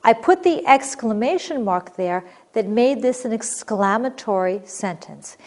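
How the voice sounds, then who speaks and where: A woman teaching a recorded grammar lesson, reading example sentences clearly and expressively, then explaining them. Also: a little high, lively intonation, unhurried, darkish tone.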